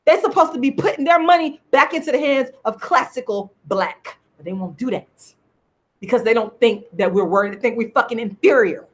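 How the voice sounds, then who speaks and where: A woman's voice: a little high, lively intonation, fairly quick. A middle-aged woman ranting angrily to camera in a profane, repetitive vlog, hammering her points home. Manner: heated, profane, repetitive, emphatic. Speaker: online commentator. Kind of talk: angry profane vlog rant.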